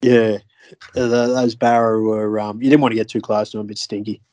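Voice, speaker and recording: Rambling, low-voiced man. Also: flat delivery, fairly quick, darkish tone, dry recording. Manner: rambling, many fillers and restarts. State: tired, yawning. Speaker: podcast co-host. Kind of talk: casual chat.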